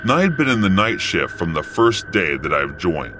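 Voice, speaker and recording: A young man narrates a first-person horror story for an animated channel. His voice is deep, yet it rises and falls a lot as he tells the tale. The delivery is expressive and story-driven. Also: moderate pace, music in the background. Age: young adult.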